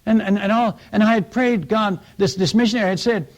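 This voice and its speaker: An animated man preaching as a missionary and telling a story. His voice sits a little high for a man. He often stumbles, restarts and repeats words as he talks. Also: a little fast, few pauses, muffled recording. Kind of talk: sermon storytelling.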